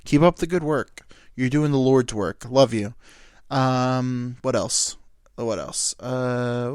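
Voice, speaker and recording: A man's voice: medium pitch, slow pace, darkish tone, smooth, no room sound, clean studio sound. A young man hosting a solo podcast, telling a story in a rambling, profane and self-mocking way, with lots of ums and quoted dialogue. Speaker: podcast host.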